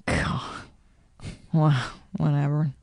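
A woman's voice: sits low, takes it slowly, gravelly, no room sound, clean studio sound. Candid, laughing woman on a podcast. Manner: candid and animated, laughs often. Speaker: podcast guest. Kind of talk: casual podcast conversation.

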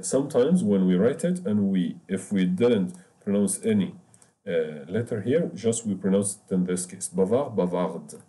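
A man's voice: lowish voice, warm tone. Patient man teaching a language lesson. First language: Arabic. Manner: patient, repetitive, spells out words slowly. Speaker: French teacher.

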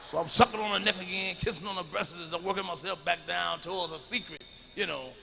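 A middle-aged man doing stand-up, telling profane stories loudly and swinging into shouts. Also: high-pitched, fast, vocal fry. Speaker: stand-up comedian. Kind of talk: stand-up routine. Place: large arena stage. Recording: live concert recording with long hall reverb.

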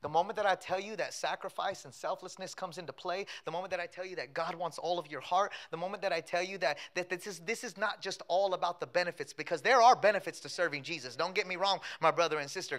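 A man's voice: high-pitched, bright, forceful tone. A man preaching a sermon as pastor, building with repeated phrases. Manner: preaching with rising intensity and repetition.

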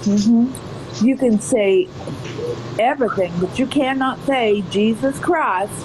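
A woman's voice: fairly high pitch, background noise. A woman putting on a prim Southern church lady. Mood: scolding. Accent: put-on American Southern. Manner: slow drawl, scolding, sing-song "mm-hmm"s. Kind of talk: mocking impression on a live stream.

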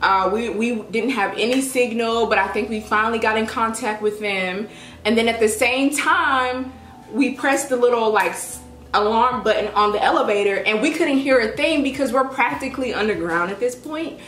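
A young woman vlogger telling a story in a casual, dramatic, animated way. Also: on the high side, normal speed. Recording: echoey room with faint music.

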